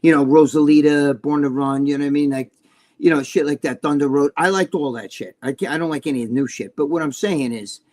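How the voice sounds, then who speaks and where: Middle-aged man with a New Jersey accent, livestream co-host, blunt and profane, a touch high-pitched. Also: fast talker, darkish tone. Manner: blunt, profane, storytelling with voiced quotes. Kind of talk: casual livestream chat.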